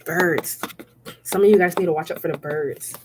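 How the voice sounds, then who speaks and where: A woman's voice: on the low side, normal speed, noisy background. Chatty woman giving a tarot reading. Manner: chatty and repetitive, often checking in with "okay?" and "right?"; laughs often while speaking. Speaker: tarot reader. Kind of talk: casual spiritual tarot reading.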